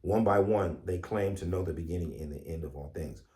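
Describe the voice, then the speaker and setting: A man who is an Ifa priest, giving a deliberate, animated spiritual teaching woven with myth. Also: deep voice. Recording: echoey room.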